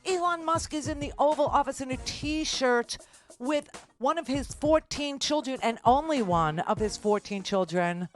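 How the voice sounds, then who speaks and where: A woman's voice: sits high, unhurried, slight background noise. An older woman hosting a radio talk show, rambling and self-deprecating, laughing often through an emotional farewell with callers.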